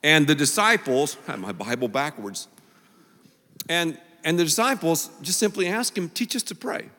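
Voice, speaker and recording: A male pastor preaching a sermon in a joking, animated way, full of quick asides, in a large church auditorium. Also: on the high side. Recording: long reverb of a large hall.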